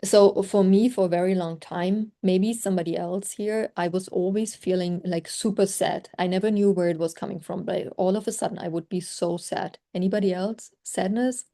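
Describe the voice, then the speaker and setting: A woman's voice: mid-range voice, steady tone, moderate pace, hardly any pauses, dark tone. A woman coaching on a group video call, talking in a chatty, reflective way with many "like" fillers; her first language is German. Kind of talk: casual group call talk.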